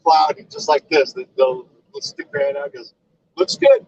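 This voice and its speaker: Gravelly-voiced joking man, lo-fi. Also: on the high side, steady tone, brisk. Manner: jokey, tells corny puns. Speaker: co-host, husband riding along. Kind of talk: casual live chat. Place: truck cab. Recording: dull lo-fi sound in a vehicle.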